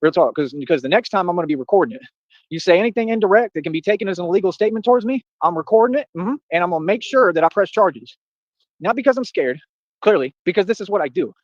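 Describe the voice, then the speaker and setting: Fast-talking boastful man ranting. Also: high-pitched, expressive, no room sound, lo-fi sound. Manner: boastful, confrontational, repeats "what are you talking about". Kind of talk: ranting livestream monologue.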